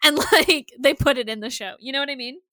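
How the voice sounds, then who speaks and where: Bright high-voiced woman, dry close sound. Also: no echo. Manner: playful, jokey, quick asides and laughter. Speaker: podcast co-host. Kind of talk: casual chat.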